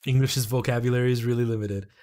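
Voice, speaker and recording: A man's voice: medium pitch, fairly even intonation, fast talker, warm tone. A man in his thirties from Canada, chatting casually on a live stream and explaining things in a rambling way, with lots of ums and likes. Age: 30s.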